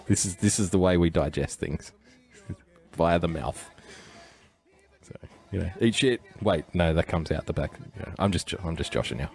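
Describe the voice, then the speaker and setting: A man with a very deep voice hosts a casual livestream, thinking out loud and drifting from point to point. He cracks jokes and chuckles at his own asides. Faint music plays behind him. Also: moderate pace, creaky, long pauses. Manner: rambling, joking, chuckling asides. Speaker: livestream host.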